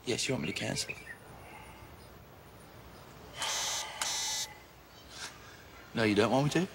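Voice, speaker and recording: An actor playing an easygoing young man, a devoted son who talks in a chatty, gently coaxing way. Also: medium pitch, animated, rapid-fire, background noise, close to an everyday voice. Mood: pleading. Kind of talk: film acting.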